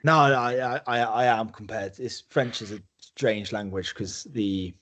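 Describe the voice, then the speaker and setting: A man from England chats as a podcast guest in a fairly low voice. He tells anecdotes loosely, stumbling over restarts and slipping into little impressions of the people he quotes. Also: a little slow, fairly bright tone. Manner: storytelling with many restarts, acting out quoted voices. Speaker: guest, rugby player. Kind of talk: casual podcast conversation.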